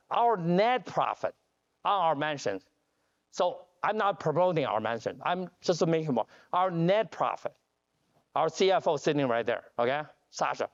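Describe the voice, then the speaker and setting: A man giving a joking conference keynote as a company CEO, telling animated stories with broken grammar and restarts. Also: a little high. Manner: animated storytelling with jokes; non-standard grammar, restarts. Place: conference hall. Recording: dull lo-fi conference audio.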